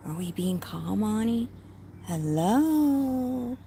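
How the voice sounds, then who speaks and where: A woman's voice: fairly high pitch, expressive, extremely slow, warm tone. A woman from Tennessee chatting casually with her viewers while reading comments outdoors at home, breaking off now and then to soothe a noisy pet bird. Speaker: vlogger with a pet cockatoo. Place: outdoors at home with birds and dogs nearby. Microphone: handheld phone.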